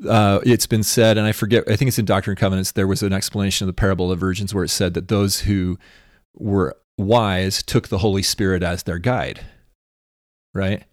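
A man with a low voice works through religious ideas on a podcast, thinking aloud and looping back to check that he is followed. The sound is dry and close, with no room around him. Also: fairly even intonation, brisk, dry recording. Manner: musing, thinks aloud with restarts and tag questions. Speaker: podcast co-host. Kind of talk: casual religious discussion.

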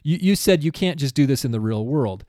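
A man's voice: medium pitch, animated, a little fast, mellow, dry recording, studio quality. A man co-hosting a podcast in casual chat, earnestly explaining spiritual ideas with frequent restarts. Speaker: podcast co-host.

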